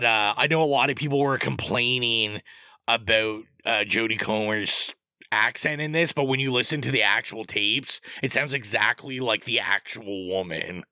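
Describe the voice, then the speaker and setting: A man's voice: mid-range voice, pushed and bright, dry recording. A man co-hosting a podcast, giving rambling, opinionated movie recommendations in casual chat. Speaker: podcast co-host.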